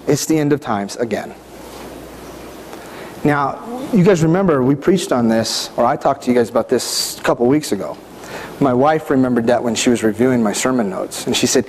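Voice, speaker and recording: With a brisk pace and a mid-range, slightly mellow voice, a middle-aged male pastor preaches a conversational sermon in church, often asking the congregation questions. Faint background noise sits under the reverberant hall sound.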